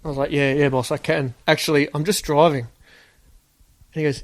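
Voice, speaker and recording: A man's voice: on the high side, fairly even intonation, quick pace. Laid-back Australian man telling stories. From Sydney, Australia. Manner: acts out quoted dialogue, laid-back. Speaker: former police officer, guest. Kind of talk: casual storytelling.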